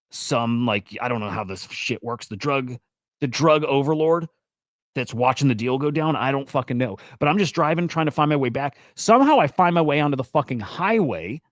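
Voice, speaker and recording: A man hosting a livestream, telling a long story casually in a rambling, profane, animated way. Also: medium pitch, no room sound, clean studio sound. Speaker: host.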